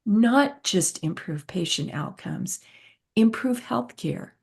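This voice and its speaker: A woman's voice: mid-range voice, lively intonation, slow, creaky, breathy edge. A woman patient advocate and host telling a personal story in an earnest, reflective way with emphatic repetitions. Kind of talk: conversational storytelling.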